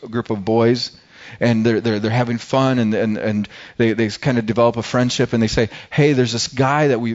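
A middle-aged man preaching a sermon in a conversational way, stumbling and repeating words as he goes. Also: mid-range voice. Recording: dull lo-fi recording.

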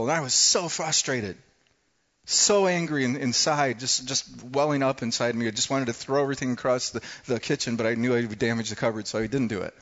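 A man preaching a sermon, telling a personal story in a conversational way with dramatic pauses. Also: medium pitch, a bit bright, lo-fi sound. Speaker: pastor.

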